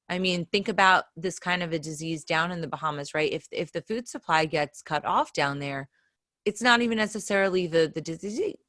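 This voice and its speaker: A woman talking in a relaxed podcast chat, her voice bright and forceful and on the lower side. She has a wry, self-mocking humor, and the sound is close and dry with no room around it. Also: no room sound. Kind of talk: casual video-call chat.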